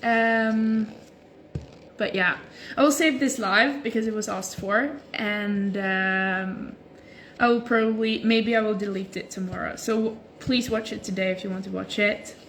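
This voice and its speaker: At a measured pace and in a mid-range voice, a young woman chats casually with viewers on a phone livestream from home, stretching as she goes. Her delivery is relaxed and full of "like" fillers, with slight background noise.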